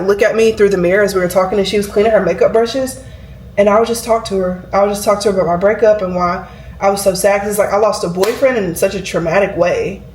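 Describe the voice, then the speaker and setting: A woman's voice: mid-range voice, darkish tone, a little hiss or hum. A woman, chatting and rambling to camera as a vlogger, with lots of "like" fillers. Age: 20s. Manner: chatty, rambling, heavy use of "like". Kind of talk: casual chat to camera. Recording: roomy echo.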